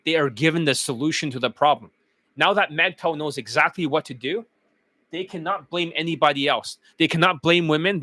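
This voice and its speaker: A dating coach streaming live, lecturing bluntly and with heavy profanity, his voice getting hoarse. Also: fairly high pitch, a bit bright, dry recording. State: losing his voice. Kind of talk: livestream rant.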